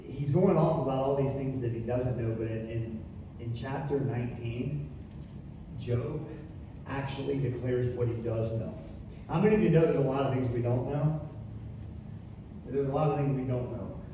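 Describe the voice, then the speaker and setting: A man's voice: medium pitch, normal speed, pauses often, noisy background. A man preaching a sermon as pastor, with impassioned, repetitive delivery. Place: church sanctuary. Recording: echoey room from far off.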